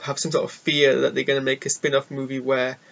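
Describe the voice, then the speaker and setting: A man's voice: mid-range voice, little pitch movement, fairly quick, gravelly, highs cut off. A young man casually rambling through his thoughts on a film, chatty and self-deprecating. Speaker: film reviewer. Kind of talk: casual solo film review. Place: indoor room.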